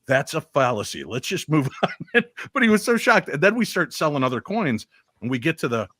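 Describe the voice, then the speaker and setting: A man telling a story on a casual podcast, deadpan and matter-of-fact. The recording is dry and close, with no room sound. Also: fairly high pitch, a little fast, no room sound.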